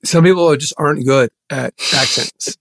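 A man with a somewhat high voice, rambling through a story as a podcast guest. He speeds up when he gets going. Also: normal speed, creaky, a bit bright, dry recording, poor audio. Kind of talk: casual comedy podcast chat.

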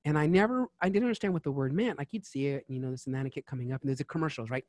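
A man's voice: on the high side, sing-song, rapid-fire, hardly any pauses, no echo, clean studio sound. A man hosting a casual chat show who talks in a rambling, digressive way and slips into French. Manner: chatty and digressive, switching into French. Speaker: podcast host.

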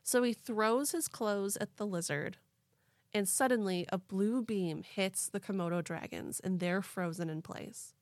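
An animated young woman hosts a podcast, telling a story in loose, casual chat peppered with "like". Her voice is close and dry, with no room sound, and her pitch sits in a middle range. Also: a little slow, no echo. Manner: animated, laughing, lots of "like". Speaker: podcast host.

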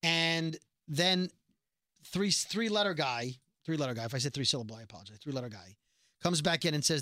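A man co-hosting a podcast and recapping a TV episode in casual chat, animated and quick to slip into character voices when he quotes. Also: fairly high pitch, no room sound, clean studio sound.

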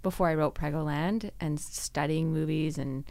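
Smooth-voiced woman telling stories casually. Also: deep voice, moderate pace, no echo. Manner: lively storytelling, acting out quoted dialogue. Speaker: podcast guest, actress and screenwriter. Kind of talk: casual interview conversation.

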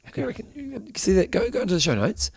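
A New man with a gravelly, slightly high voice that swings up and down a lot. He chats casually on a podcast, rambling and laughing as he goes. The sound is dry and close. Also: fast, no room sound. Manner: animated, rambling, laughs often. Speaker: podcast co-host. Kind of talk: casual chat.

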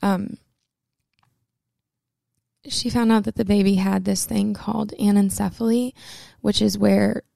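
A young woman talks candidly and emotionally into the camera, her words tumbling out with plenty of fillers. Her voice is mellow and dark, with a strong gravelly fry. The sound is dry and close, with no room around it. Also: mid-range voice, flat delivery, measured pace, pauses often, no room sound. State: close to tears at times. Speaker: vlogger. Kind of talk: personal storytelling to camera.

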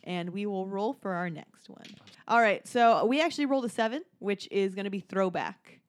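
A woman's voice: mid-range voice, normal speed. A woman in her twenties, hosting a casual chat and telling stories with frequent laughter and swearing. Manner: animated storyteller, swears, laughs often.

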